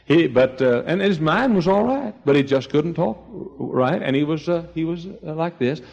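An older man preaching a sermon, telling folksy stories and swinging between quiet asides and loud, high exclamations. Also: expressive, moderate pace, creaky, dull audio. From East Texas. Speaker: pastor.

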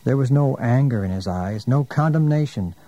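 A man narrating a religious story in a solemn, measured manner. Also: mid-range voice, expressive, mellow, muffled recording. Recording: narration over music.

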